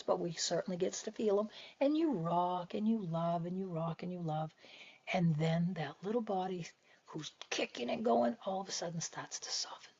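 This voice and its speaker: A woman speaking as a spiritual teacher in an earnest, heartfelt talk, soft and gentle, often dropping to a hushed whisper. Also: lowish voice, moderate pace, slightly rough. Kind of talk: reflective spiritual talk to camera. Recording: dull lo-fi recording.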